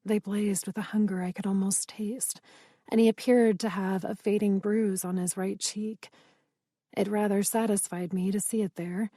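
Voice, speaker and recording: A woman reading a romance audiobook in the first person, measured and intimate, on a close studio mic. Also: mid-range voice, warm tone, slightly rough, no echo. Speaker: audiobook narrator.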